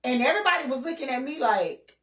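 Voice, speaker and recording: A woman's voice: sits high, lively intonation, fast, fairly bright tone. An older woman telling her personal story in a candid podcast conversation, earnest and repetitive, full of "you know" and "like". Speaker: guest sharing her story. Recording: roomy, distant mic.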